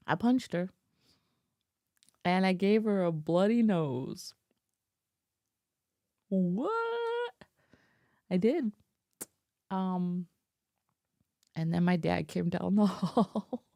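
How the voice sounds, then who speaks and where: A woman vlogger tells her audience a personal story, chatting and laughing as she goes, with lots of fillers. Her voice is lowish, slow, gravelly and mellow, with frequent pauses. She's close to a desk mic, and the recording is dry.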